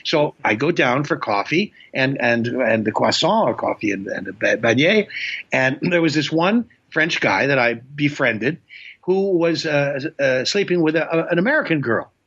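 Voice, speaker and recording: Bright-voiced older male comedian storyteller. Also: mid-range voice, normal speed. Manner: animated storyteller, slips in impressions. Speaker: comedian guest. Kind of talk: casual chat. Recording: muffled lo-fi sound.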